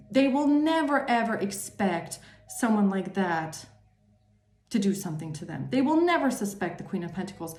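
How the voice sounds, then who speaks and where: A woman's voice: medium pitch, animated, normal speed, a little mellow, reverberant. A woman giving a tarot reading monologue, emphatic and repetitive, swearing freely. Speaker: tarot reader.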